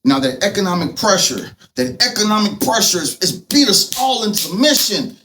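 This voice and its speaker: A man delivering a fervent, profane political monologue that swings between loud outbursts and soft asides. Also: high-pitched, very animated, moderate pace, slight background noise. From United States. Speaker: political vlogger. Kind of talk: impassioned monologue.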